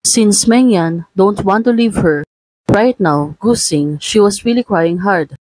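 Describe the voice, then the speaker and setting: A woman's voice: medium pitch, a little slow, darkish tone, dry recording, rough recording. A woman hosting her own channel, casually retelling a comic chapter scene by scene and reading out the characters' lines. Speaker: manhwa recap narrator. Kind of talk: casual story recap narration.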